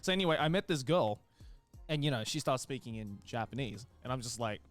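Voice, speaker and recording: Lively man with light music behind. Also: medium pitch, a little fast. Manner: playful, laughs through his stories. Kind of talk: casual podcast chat.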